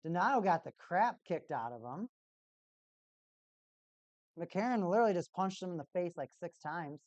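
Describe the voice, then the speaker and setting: A woman's voice: fairly low pitch, expressive, normal speed, a little mellow, no echo, lo-fi sound. A woman streamer giving casual play-by-play and exasperated fan commentary on a hockey game.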